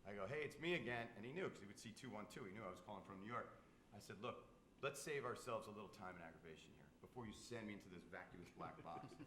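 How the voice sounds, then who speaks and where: A man with a gruff voice, telling stories with jokes and acted-out dialogue as a panelist at a live event. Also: on the low side, background noise. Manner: animated, joking storyteller acting out dialogue. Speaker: food truck entrepreneur panelist. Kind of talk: storytelling panel talk. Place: event room. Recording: echoey room, faint ambience.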